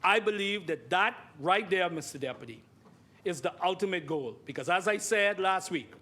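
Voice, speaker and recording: A Bahamian man with a noticeably high-pitched voice speaks in a parliament chamber. He delivers an emphatic debate speech, circling back on his phrases and turning to address the chair again and again. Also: expressive, normal speed, sharp tone. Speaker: member of parliament.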